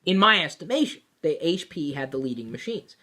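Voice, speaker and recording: A woman telling a personal work story in a casual, animated way, with plenty of fillers and restarts. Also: deep voice, fairly quick. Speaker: vlogger.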